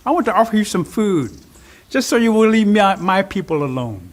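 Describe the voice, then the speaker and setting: Man voicing Rabbit, sly high trickster. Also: very animated, brisk. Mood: coaxing. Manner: coaxing, scheming.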